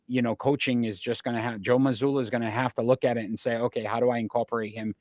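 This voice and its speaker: A man's voice: medium pitch, fairly even intonation, fast talker, darkish tone, dry recording. A man hosting a sports talk show, asking long winding questions full of statistics. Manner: asks long, winding questions packed with stats.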